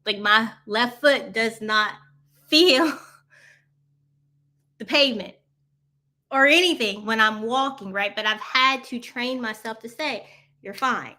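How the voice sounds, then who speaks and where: A woman with a fairly high, bright, forceful voice speaks slowly, leaving long pauses. She's hosting a casual live coffee chat, rambling from one topic to the next and answering viewer comments. She laughs often and talks straight to her viewers, calling them y'all.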